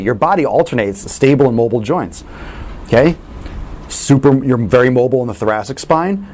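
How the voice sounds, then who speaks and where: A man coaching fitness in a casual question-and-answer talk, blunt and animated, swearing freely. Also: mid-range voice, a little hiss or hum.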